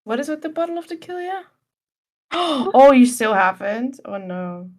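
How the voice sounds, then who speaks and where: A woman's voice: sits high, sing-song, a little slow. A woman streamer chatting playfully with friends in an online voice chat. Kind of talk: casual chat on a livestream.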